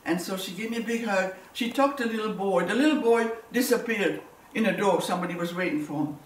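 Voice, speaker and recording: This is a war survivor's personal testimony, told vividly and with repeated words by a woman from Belgium. She speaks fairly quickly at a medium pitch, with slight background noise, a distant mic, and a roomy, faintly ambient sound.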